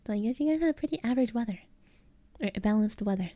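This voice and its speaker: A woman's voice: fairly high pitch, expressive, fast talker, warm tone, dry recording. An American woman with an Eastern American accent, chatting casually with her live chat as a streamer and giggling often. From United States.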